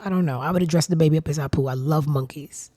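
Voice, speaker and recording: A woman's voice: deep voice, quick pace, dark tone, dry recording, clean studio sound. A woman hosting her own show, giving casual gossip commentary in a blunt, sassy, profane way. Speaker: show host.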